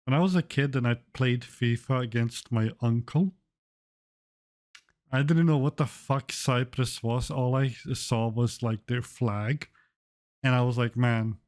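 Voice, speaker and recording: A man's voice: mid-range voice, fairly even intonation, a little slow, a little mellow. A young man streaming his reaction to a video, swearing often with blunt, incredulous asides. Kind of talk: casual reaction commentary.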